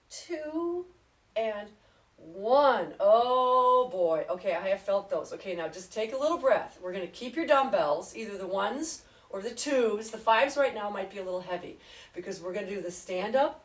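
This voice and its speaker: A woman fitness trainer leading an exercise class, chatty and upbeat, counting reps aloud and getting out of breath. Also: mid-range voice. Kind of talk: live exercise class instruction. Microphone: camera at a distance. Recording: echoey room, voice far from mic.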